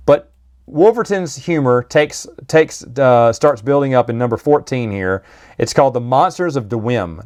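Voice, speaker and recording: Casual male reviewer, mid-pitched, chatty and meandering. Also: darkish tone. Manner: rambling, chatty, with many restarts and asides. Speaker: book reviewer. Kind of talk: casual monologue.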